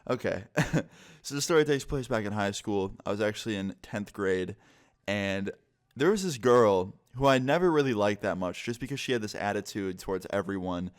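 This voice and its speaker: A man's voice: fairly low pitch, lively intonation, normal speed. A young man vlogger telling a story in a casual, rambling, profane way.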